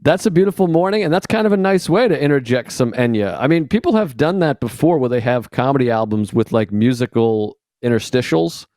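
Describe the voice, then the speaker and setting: Comedian guest, mid-pitched, deadpan joke teller, dry close mic. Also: male voice, a little fast, hardly any pauses, no room sound. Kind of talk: casual chat.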